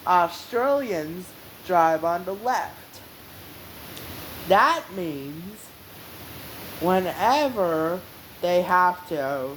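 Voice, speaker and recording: Casual female vlog host, rambling delivery, lower voice, very slow. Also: slight background noise, low-quality recording. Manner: rambling, meandering. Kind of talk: casual explainer.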